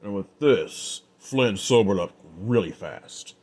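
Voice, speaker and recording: A man narrating a Western story in a relaxed, off-the-cuff way with small fillers. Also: lowish voice, slow pace, a little hiss or hum. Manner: casual, unscripted with fillers.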